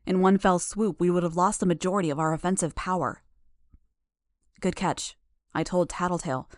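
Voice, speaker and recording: A woman reading an audiobook chapter in the first person, in a steady, measured manner. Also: lowish voice, dry recording, studio quality. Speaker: audiobook narrator.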